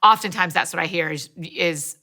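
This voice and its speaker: A woman guest on a faith-based podcast, telling stories in an animated way and acting out the voices in her head. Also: on the low side, moderate pace, creaky. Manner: animated storyteller, acts out inner voices.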